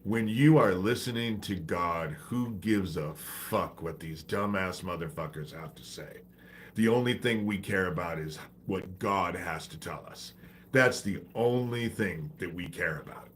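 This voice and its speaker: A low-pitched man rants on a livestream, swearing freely and turning preachy between complaints. He has a head cold, and a faint hiss sits under his voice. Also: measured pace, fairly bright tone. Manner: profane, exasperated, preachy. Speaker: livestream host. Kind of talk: ranting livestream monologue.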